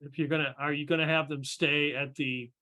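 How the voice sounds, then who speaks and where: A man's voice: on the high side, flat delivery, a little fast, pushed and bright. A man running a tabletop role-playing game as game master, narrating and voicing characters with frequent hesitations and restarts.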